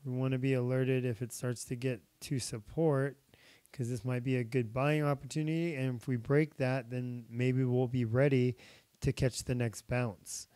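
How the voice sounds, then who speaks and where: A young man talks through a trading chart in a loose, chatty way, full of little fillers. His voice is mellow, smooth and a bit worn as he loses it, recorded close and dry with no room sound. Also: mid-range voice, flat delivery, moderate pace, dry recording. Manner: casual, chatty, many fillers. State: losing his voice. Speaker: crypto trading channel host. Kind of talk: casual screen-share chart tutorial.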